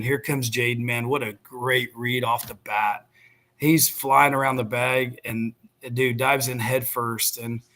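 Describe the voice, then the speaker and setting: Brief: middle-aged dad, animated storyteller, slangy and excitable, mid-pitched voice. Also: male voice. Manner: excitable, slangy, reliving the game. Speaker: guest, father of a player.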